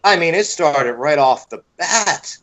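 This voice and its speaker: A man co-hosting a podcast, telling stories at an unhurried, animated pace. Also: a little high. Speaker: podcast co-host. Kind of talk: casual chat. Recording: slightly dull lo-fi podcast audio.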